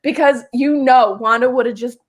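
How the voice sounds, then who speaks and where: Emphatic, fairly high-voiced woman. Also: moderate pace. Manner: emphatic, opinionated. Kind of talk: casual chat.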